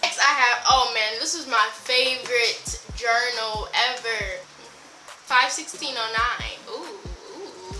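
A teenage girl chats through her old diaries in a bright, high voice, gasping and giggling between entries. She sounds like she is in an echoey bedroom. Loud background music plays under her voice. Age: teens. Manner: chatty and giggly, reacting with gasps and exclamations. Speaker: vlogger. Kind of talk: casual vlog, reading old diaries aloud.

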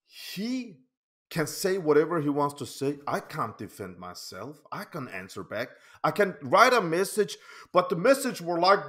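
A man speaking English as a second language in a personal vlog, unhurried and a little high-voiced. He rambles, repeats himself and keeps asking "okay?", flaring up loudly and then dropping to low murmurs. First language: not English. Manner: heated, swings between loud outbursts and quiet asides. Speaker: channel host. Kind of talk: emotional personal vlog monologue.

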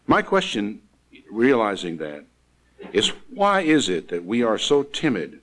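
Man, preacher, sermon, emphatic, loud exclamations and quiet asides, very lively pitch. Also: rough recording.

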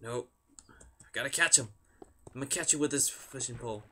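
A man's voice: medium pitch, a little fast, sharp tone, slight background noise. A young man talking casually over a game he plays, chanting repeated words under his breath. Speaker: gamer. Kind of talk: game commentary. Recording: music in background.

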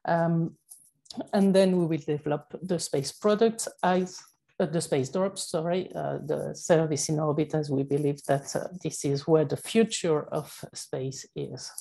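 A woman with a French accent giving a conference presentation, speaking haltingly with many fillers and self-corrections. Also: low-pitched, steady tone, creaky, dark tone, poor audio. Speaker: panel speaker.

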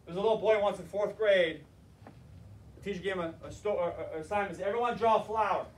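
Animated storytelling male teacher. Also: high-pitched, fast. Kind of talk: classroom lecture with storytelling. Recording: roomy, distant mic, faint noise.

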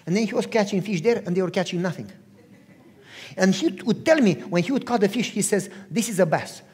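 A man's voice: sits high, a little fast, slightly rough. A man preaching a sermon as a pastor, telling stories and putting questions to his listeners. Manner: animated storyteller, asks the audience questions. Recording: long hall reverb.

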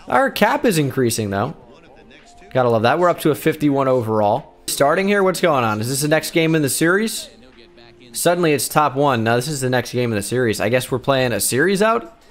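A young man giving sarcastic play-by-play commentary over his own baseball video game, bursting into shouts of excitement. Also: mid-range voice, a little fast. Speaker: gaming YouTuber. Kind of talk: gameplay commentary. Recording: game music faintly behind.

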